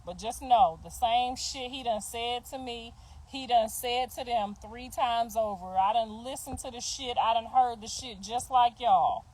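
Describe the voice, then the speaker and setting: A woman's voice: fairly high pitch, unhurried, darkish tone, low-quality recording. A middle-aged woman in a heated casual rant, profane and confrontational, laughing between her jabs as a mother defending herself. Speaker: mother ranting on a livestream.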